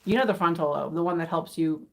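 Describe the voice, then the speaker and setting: A woman's voice: low-pitched, fast talker. A tired woman chatting on a live stream while unboxing, giddy and rambling, laughing often. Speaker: vintage reseller hosting an unboxing. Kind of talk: casual live-stream chat.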